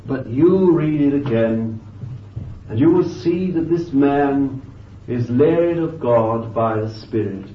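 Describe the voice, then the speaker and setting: A man preaching a sermon with fervent emphasis, moving between loud bursts and quiet asides, thinking aloud with restarts and "you see.". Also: mid-range voice, slow pace, recorded from a distance, slight background noise. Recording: dull, lo-fi, echoey and off-mic.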